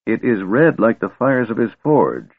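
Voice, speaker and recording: A man voicing a kindly old wizard who is secretly a god, speaking slowly and gently. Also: on the low side, very animated, husky, no room sound, pitched above the performer's own voice, heavily acted. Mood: gentle storytelling. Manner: slow, gentle and soothing. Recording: tinny, phone-like and dry.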